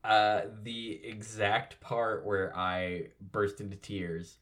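A man's voice: on the low side, fairly even intonation, slow pace, a bit bright. A man co-hosting a podcast in casual chat, earnestly reflecting on a show and laughing often. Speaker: podcast co-host.

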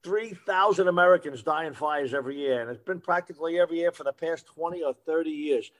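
A man co-hosting a podcast who talks shop about firefighting in a relaxed, explanatory way. His voice sits a little high for a man, and he often circles back to repeat a phrase for emphasis. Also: fast. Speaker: podcast co-host, veteran firefighter. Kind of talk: casual shop talk.

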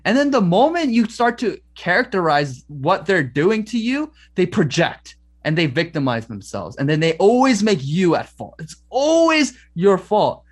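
A man's voice: sing-song, moderate pace, hardly any pauses. A man speaking as an interview guest, telling a personal story in an earnest, emphatic way. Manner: earnest, emphatic, swings between high and low pitch.

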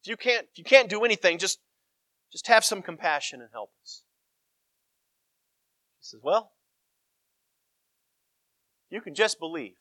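A man preaching a sermon, emphatic and animated, swinging between loud cries and hushed asides. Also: sits high, a little slow, long pauses, dry recording, studio quality.

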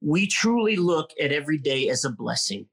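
A host responding earnestly in casual chat, halting and restarting his words. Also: medium pitch, sing-song.

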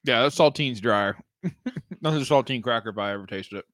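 A man's voice: medium pitch, moderate pace, fairly bright tone, no room sound, clean studio sound. A man hosting a casual livestream chat show, laughing often and rambling with fillers. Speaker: podcast host.

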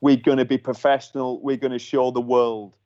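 A man's voice: medium pitch, little pitch movement, fairly quick, warm tone, dull audio, close to an everyday voice. A man doing a foul-mouthed, bossy team manager. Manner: blunt, profane orders.

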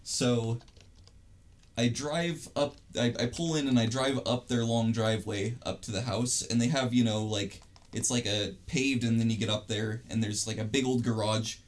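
A man's voice: medium pitch, fairly even intonation, moderate pace. A young man telling a story in casual chat, rambling and swearing with lots of restarts. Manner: rambling, profane, many restarts.

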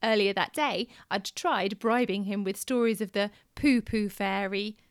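A woman co-hosting a podcast, reading a listener's letter aloud in an expressive, storytelling way and chatting in between. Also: mid-range voice, unhurried, clear, resonant tone, no echo, clean studio sound. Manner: expressive storytelling, often laughing.

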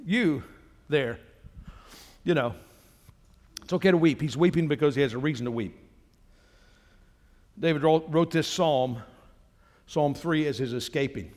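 High-voiced preaching man, long hall reverb. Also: unhurried, pauses often. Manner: emphatic preaching, rising to exhortation. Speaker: pastor. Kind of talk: sermon.

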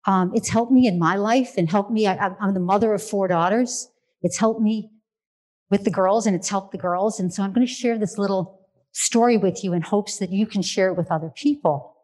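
A woman's voice: mid-range voice, darkish tone. A middle-aged woman sharing a heartfelt personal story, earnest, with repeated phrases for emphasis and small restarts. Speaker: speaker sharing a reflection.

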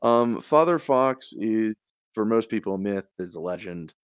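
A man's voice: on the low side, expressive, measured pace, clear, resonant tone, no echo, clean studio sound. A man running a tabletop game as game master, narrating hesitantly with many fillers.

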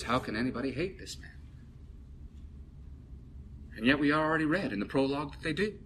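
A man's voice: mid-range voice, a little hiss or hum. A man preaching a sermon, emphatic, building with repetition and rhetorical questions.

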